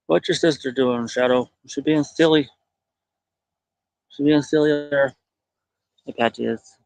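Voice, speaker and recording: A man's voice: medium pitch, steady tone, measured pace, vocal fry, long pauses, dry recording, poor audio. Rambling man talking to his goats. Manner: rambling, talks softly to animals. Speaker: livestreamer tending goats. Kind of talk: casual live-stream monologue. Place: outdoors in a farmyard.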